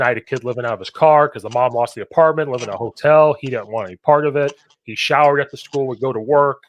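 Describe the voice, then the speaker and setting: A young adult man hosting a casual coaching podcast, telling lively stories and acting out the voices of the people in them. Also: mid-range voice. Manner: animated storyteller, acts out quoted voices. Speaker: podcast host and football coach.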